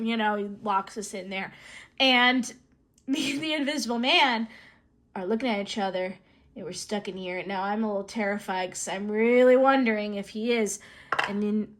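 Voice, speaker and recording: A woman's voice: mid-range voice, normal speed, fairly bright tone. A woman casually narrating her solo tabletop role-play, giggly and self-conscious, rambling as she thinks aloud.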